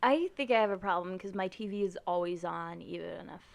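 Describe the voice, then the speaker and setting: A woman's voice: fairly low pitch, brisk, creaky. A young woman co-hosting a podcast, talking casually and hesitantly, often starting with "um". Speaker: podcast co-host. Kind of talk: casual chat.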